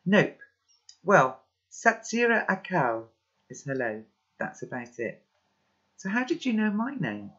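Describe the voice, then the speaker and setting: Man voicing an earnest anxious boy, urgent questions, raised pitch, storybook reading, dull lo-fi sound. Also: big pitch swings, slow pace, long pauses, pushed and bright, exaggerated voice. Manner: urgent, pressing questions, pleading. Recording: dull lo-fi recording.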